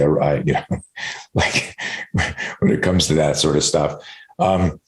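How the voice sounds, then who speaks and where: A middle-aged man, a self-defense expert, telling a candid personal story as a podcast guest, swearing freely and acting out his own inner dialogue. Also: sits low. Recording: echoey room.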